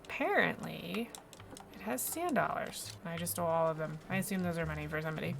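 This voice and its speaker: A woman's voice: lowish voice, lively intonation, fairly quick, creaky, fairly bright tone, a little hiss or hum. A woman chatting casually while playing a game, with playful asides. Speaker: streamer. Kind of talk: casual game play commentary and reading aloud. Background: game music.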